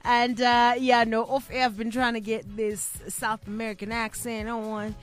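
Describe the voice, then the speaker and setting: A woman's voice: on the high side, level tone, unhurried, faint music behind. A woman hosting a late-night radio show in a studio, chatty and playful, laughing easily. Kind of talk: casual radio chat. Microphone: studio microphone.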